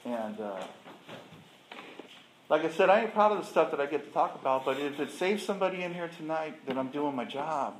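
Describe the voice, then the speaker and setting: A man in middle age gives a candid testimony to a group, plainspoken and quick to poke fun at himself. His voice sits slightly high and carries around a roomy, echoing space. Faint room ambience hums underneath. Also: expressive, a little hiss or hum. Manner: plainspoken and self-deprecating, acts out dialogue with laughter. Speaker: speaker sharing his recovery story at a support meeting. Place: meeting room with an audience.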